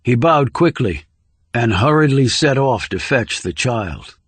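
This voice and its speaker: A man's voice: mid-range voice, slightly rough, no echo. Man narrating a thriller audiobook. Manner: measured, steady storytelling. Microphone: close studio microphone.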